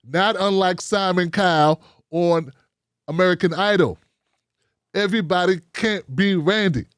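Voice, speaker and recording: A man hosting a commentary show, giving a blunt, animated opinion monologue full of rhetorical questions. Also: high voice, measured pace, smooth, dry recording, studio quality.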